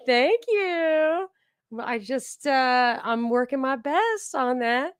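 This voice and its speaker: A woman's voice: sits high, lively intonation, takes it slowly, smooth, dry recording, studio quality. A woman hosting a podcast, chatting casually and digressively about a book, often restarting her sentences. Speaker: podcast host. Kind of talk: casual book reading and discussion.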